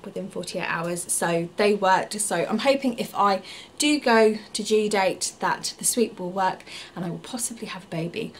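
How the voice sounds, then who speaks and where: A woman's voice: medium pitch, moderate pace, slight background noise. A woman in her thirties gives a candid, chatty family vlog update with frequent ums. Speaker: family vlogger.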